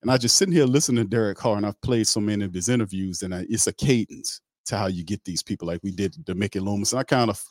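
A man hosting a casual live-stream sports chat, reading out chat names and talking in an animated, repetitive way. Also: on the low side, fast talker, few pauses, dry recording, clean studio sound. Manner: animated, repeats himself, reads chat shout-outs. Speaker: host.

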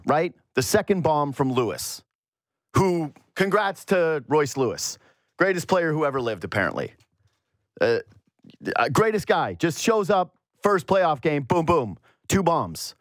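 A man hosting a solo sports talk show, ranting in an animated, exasperated way. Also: fairly high pitch, takes it slowly, no room sound, clean studio sound. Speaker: sports radio host.

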